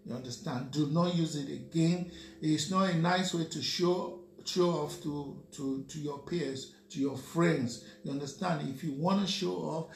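Nigerian male radio co-host, slow lecturing delivery, roomy echo. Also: on the high side, creaky. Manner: lecturing, keeps asking "you understand?". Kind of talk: radio talk commentary. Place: radio studio. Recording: echoey room with faint hum.

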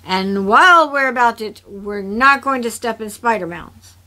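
A woman's voice: a little high, sharp tone. A woman voicing a firm, honorable young man. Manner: firm, measured commands.

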